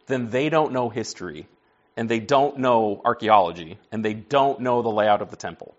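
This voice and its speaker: A man's voice: medium pitch, moderate pace, highs cut off. A man preaching to a class in a conversational teaching style, folksy, asking the group questions and answering them himself. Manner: folksy, says y'all and like.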